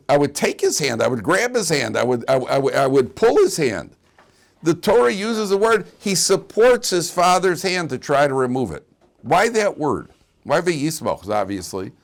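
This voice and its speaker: A man teaching a Torah class as a rabbi. He tells funny anecdotes, asks rhetorical questions, and quotes Hebrew verses. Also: mid-range voice.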